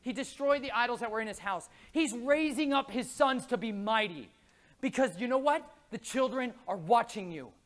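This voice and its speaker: A man speaking at a conference, preaching with passion in casual slang. He swings from hushed asides to shouted pleas. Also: extremely high pitch, normal speed. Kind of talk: impassioned religious talk. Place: conference stage.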